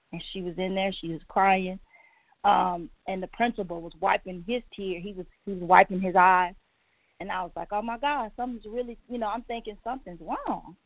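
A woman telling her own life story on a talk show, halting with many pauses and restarts, emotional and close to tears. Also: mid-range voice, creaky, no room sound. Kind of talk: personal testimony on a talk show. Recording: dull, lo-fi, dry sound.

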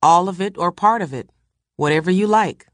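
A calm young man speaks low and quiet, blunt and unhurried. A woman reads him in her own low voice. The recording is dry and close. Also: no room sound, close to an everyday voice.

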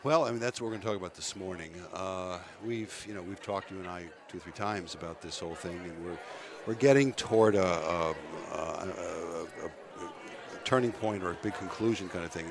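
A man interviewed on radio as a guest speaker, coming down with a cold, explaining things thoughtfully with halting restarts. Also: low-pitched, a crowd in the background. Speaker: guest speaker, commission chair.

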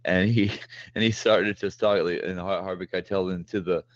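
Deep voiced guy stumbling over his words, dry lo-fi audio. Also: fairly even intonation, dry recording. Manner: halting, full of fillers and restarts. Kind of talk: casual chat.

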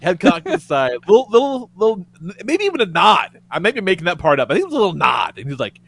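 A man co-hosting a podcast, telling a story in a loud, profane way and laughing as he goes. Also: high-pitched, wildly swooping pitch, fast talker, gravelly, husky. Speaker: podcast co-host. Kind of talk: casual storytelling chat.

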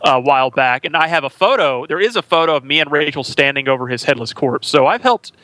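Male podcast co-host, bright tense tone, slightly high, dry close sound, rambling storyteller. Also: lively intonation, fast, no echo. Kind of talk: casual chat.

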